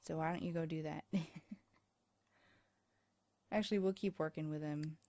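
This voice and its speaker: A woman's voice: sits low, fairly even intonation, normal speed, dark tone, no room sound. A woman casually commenting on her life-sim gameplay, tired and chatty, rambling and self-deprecating, recorded on a USB microphone. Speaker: let's play host.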